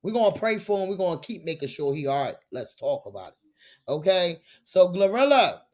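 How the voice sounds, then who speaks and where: A man's voice: sits high, big pitch swings, normal speed. A man hosting a celebrity gossip talk show, emphatic and profane, with repeated catchphrases. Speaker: host.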